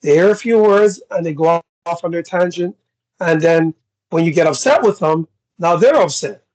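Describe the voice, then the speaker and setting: Blunt high-voiced Canadian man. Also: moderate pace, low-quality recording. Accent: Canadian English. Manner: blunt, animated, acts out quoted exchanges. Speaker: podcast co-host. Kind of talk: casual podcast chat.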